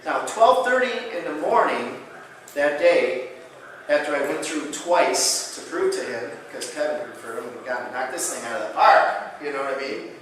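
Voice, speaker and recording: A man giving a conference lecture, telling patient stories in an animated way and acting out the dialogue. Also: a little high, normal speed, slight background noise. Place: large conference hall. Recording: echoey hall from far off.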